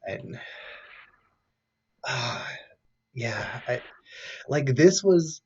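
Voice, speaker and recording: A man in his twenties co-hosting a casual chat, speaking in a measured, deliberate way and weighing his words. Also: medium pitch, big pitch swings, slightly rough. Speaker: podcast co-host. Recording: dull lo-fi sound.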